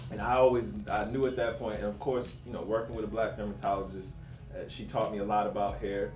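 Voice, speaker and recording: A man who works in dermatology, talking casually on a panel and telling lively stories about patients. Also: quick pace. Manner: animated storyteller, acts out quotes with rising pitch. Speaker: physician assistant at a dermatology practice. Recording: roomy sound from a distant mic, faint music.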